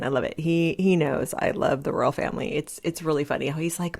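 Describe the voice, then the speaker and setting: An American woman chatting casually to camera on her vlog at home with her coffee, talkative and quick to laugh, often restarting her sentences. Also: deep voice, fairly even intonation, creaky, a little mellow, husky. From United States. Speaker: vlogger.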